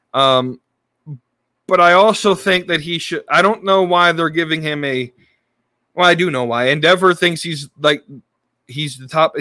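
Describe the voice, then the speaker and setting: Podcast guy, bright kinda high voice, rambly with lots of ums, dry sound. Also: no room sound. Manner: rambling, many restarts and fillers. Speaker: podcast host. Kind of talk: casual wrestling podcast talk.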